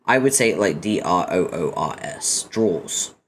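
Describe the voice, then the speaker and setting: A man's voice: sits low, lively intonation, normal speed, fairly bright tone, slight background noise. A British man chatting casually and teasing his audience with profane banter between readings. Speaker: webcomic reader and streamer. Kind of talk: casual chat.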